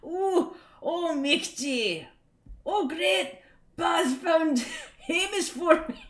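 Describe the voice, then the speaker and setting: A woman's voice: extremely high pitch, lively intonation, extremely slow, voice pushed up, heavily acted. A woman voicing chirpy Scottish comic-strip characters in a put-on Scottish accent, with a bouncy, exaggerated read-aloud manner. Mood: hammy cheerful.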